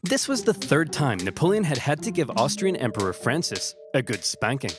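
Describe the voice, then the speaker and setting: A man's voice: medium pitch, big pitch swings, moderate pace, few pauses, faint music behind. Sarcastic man narrating comic history. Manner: sarcastic, jumps between silly character voices. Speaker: narrator voicing every historical figure. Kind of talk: comedic animated history narration.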